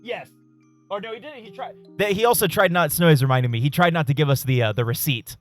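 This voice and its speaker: A man streaming a game and telling a story in a casual, animated way, swearing and laughing often. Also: fairly high pitch, fast, soft background music. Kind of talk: casual live-stream chat while gaming.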